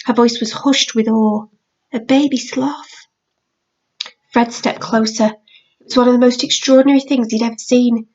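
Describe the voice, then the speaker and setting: A woman reading a children's novel aloud in a measured storytelling manner. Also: a little high. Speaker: reader. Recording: dull lo-fi audiobook recording.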